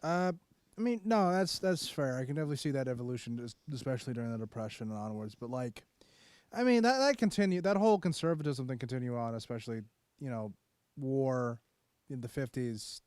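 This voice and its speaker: A young man co-hosting a casual podcast, easygoing and quick to agree, trailing off with fillers. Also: mid-range voice, lively intonation, a little mellow, no room sound. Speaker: podcast co-host. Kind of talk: casual chat.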